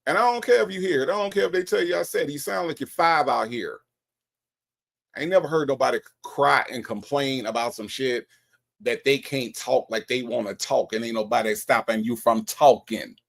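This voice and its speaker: Gravelly man scolding bluntly. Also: mid-range voice, brisk. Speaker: commentator reacting to a call recording. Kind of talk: casual commentary.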